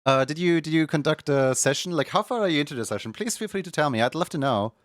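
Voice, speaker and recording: A man's voice: on the high side, animated, fast talker, dry recording, clean studio sound. Rambling young male streamer. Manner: rambling, heavy filler words, laughs often. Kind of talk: casual livestream chat. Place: home room.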